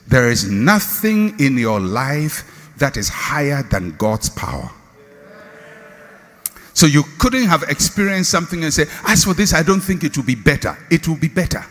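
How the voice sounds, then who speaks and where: A male pastor preaching a sermon, swinging from shouted lines to hushed, slow refrains. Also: medium pitch, sing-song, slightly rough. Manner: slow, drawn-out repeated refrains. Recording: long hall reverb.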